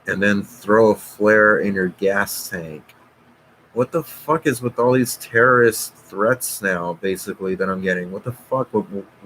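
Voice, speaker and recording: A man's voice: on the low side, a bit bright, a little hiss or hum, rough recording. A man hosting a live stream, reading out viewer comments and swearing, agitated. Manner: profane, agitated, reads viewer comments aloud. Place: at home.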